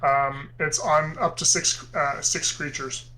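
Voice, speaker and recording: A man's voice: a little high, fairly even intonation, slow pace, bright, forceful tone, poor audio. A man playing a tabletop game, hesitant and full of ums. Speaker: player.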